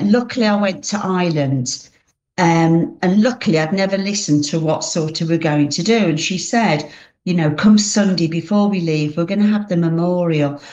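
A woman's voice: lowish voice, a little mellow. A woman giving a heartfelt personal testimony as an interview guest, speaking earnestly and often restarting her sentences.

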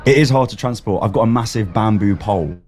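A man's voice: lowish voice, fast talker, darkish tone. A man, a festival guest chatting on a live radio show, laughing easily and saying um a lot. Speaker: festival guest from a youth ministry. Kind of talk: casual radio chat. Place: outdoor festival radio booth.

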